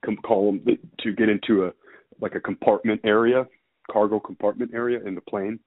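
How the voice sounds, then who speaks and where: A man's voice: fairly low pitch, fairly even intonation, a little fast, no room sound. A man casually telling a rambling story, swearing freely and stumbling over details. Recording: dry phone-like sound.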